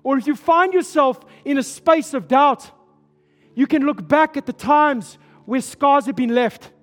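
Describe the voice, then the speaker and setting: A man preaching a sermon in a church, passionate and emphatic. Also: extremely high pitch. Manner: passionate, emphatic, slow delivery. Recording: hall reverb with soft music.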